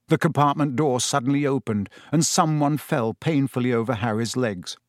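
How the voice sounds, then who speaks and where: A man narrating a storybook in a steady, measured storytelling manner. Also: mid-range voice, dry recording, studio quality. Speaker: audiobook narrator.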